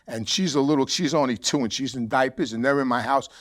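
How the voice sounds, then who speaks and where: A man's voice: medium pitch, quick pace. A man in his sixties with a New York accent, telling a rambling personal story with restarts and casual profanity. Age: 60s. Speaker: host.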